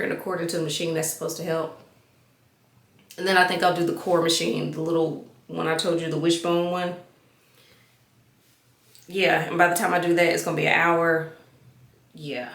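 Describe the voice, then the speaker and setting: A woman's voice: lowish voice, a bit bright. Woman vlogger, casual self-mocking chat, roomy echo. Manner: chatty, self-mocking, talks to viewers as y'all.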